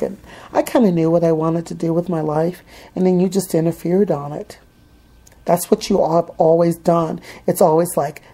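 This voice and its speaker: A middle-aged woman delivers a heated, profanity-laced rant straight to camera. Her voice sits low and dark, and she keeps slipping into sarcastic mimicry of the people she is attacking. Her tone stays bitter and relentless. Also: rough recording. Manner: heated, swearing, sarcastic mock quotes. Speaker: vlogger. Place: Seattle.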